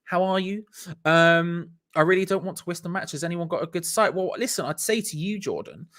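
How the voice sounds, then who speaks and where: A man's voice: high voice, a little fast, a bit bright. A man, hosting a live stream in an upbeat, chatty way and reading out viewers' comments. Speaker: host.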